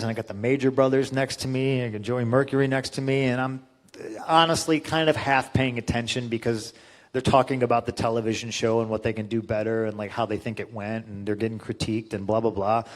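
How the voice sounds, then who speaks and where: A man in his forties, a guest on a convention panel, telling a story in a casual, profane and animated way, often laughing. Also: mid-range voice.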